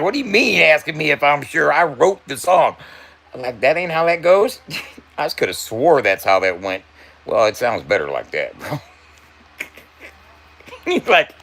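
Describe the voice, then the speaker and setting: A man with a gravelly, tense, bright voice spins a casual story for his viewers. He swears freely, laughs often and stumbles over his words. He talks stoned and unhurried. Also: mid-range voice. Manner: loose, profane, laughing, repeats words. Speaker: tattoo artist and rapper telling stories.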